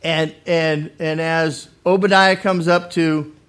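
A man's voice: a little high, flat delivery, takes it slowly, smooth. A male pastor preaching a Bible study sermon in an earnest way, often repeating words as he restarts. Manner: acts out quoted speakers with sudden loud lines.

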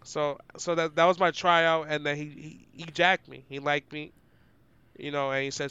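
A man's voice: a little high, normal speed, clean tone, dry recording, dull audio. A young adult man, an esports commentator, telling stories in a casual, slangy interview chat. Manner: animated and slangy, many "like" fillers; describes himself as loud and outgoing.

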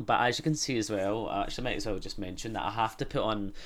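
A young Glaswegian podcast host from Scotland talks fast with hardly any pauses in a lowish voice. The chat is casual, rambling, sweary and comic.

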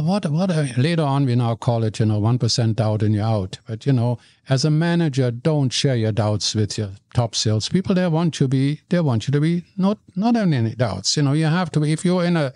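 An older man, a guest telling stories in an animated way, often stumbling and repeating words. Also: mid-range voice, a little fast, few pauses, dry recording. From Germany. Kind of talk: storytelling in conversation.

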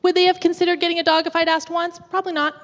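A woman from the west coast of Canada, preaching a sermon in a church with lively, humorous storytelling. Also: extremely high pitch, racing, big-room sound. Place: church auditorium.

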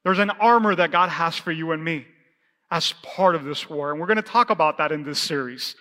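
A man preaches in a church with a high, bright voice that rings out across the long hall reverb. He mixes scripture with his own story, talking the way people do in everyday conversation and often repeating himself. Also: a little fast. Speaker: pastor. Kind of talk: sermon with personal testimony. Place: church sanctuary.

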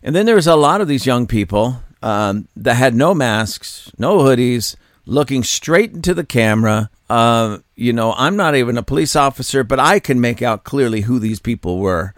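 A man's voice: medium pitch, animated, moderate pace, no echo, studio quality. A man hosting a commentary show, reading a news story aloud and repeatedly breaking into laughter. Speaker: commentary channel host.

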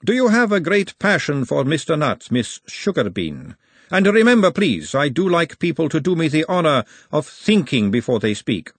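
A poised, coolly clever woman with a husky edge who speaks with crisp, formal precision, as a male reader puts her on. Her voice rises well above the reader's own and moves in a lively way, recorded close and dry. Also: fairly high pitch, normal speed, dry recording, pitched above the performer's own voice. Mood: cool, amused. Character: refined, cool, clever middle-aged woman.

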